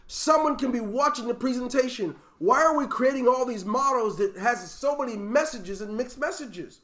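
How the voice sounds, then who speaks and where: High-voiced man giving a preachy pep talk. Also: expressive, moderate pace, fairly bright tone, a little hiss or hum. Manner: emphatic, preachy, full of rhetorical questions. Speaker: network marketing team leader. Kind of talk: motivational leadership talk. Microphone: video call.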